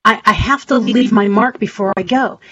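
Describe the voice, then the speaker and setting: A woman's voice: mid-range voice, moderate pace. Middle-aged woman telling her story earnestly. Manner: earnest, animated retelling with quoted voices. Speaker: guest. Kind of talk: podcast interview storytelling. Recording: slightly dull audio with faint hiss.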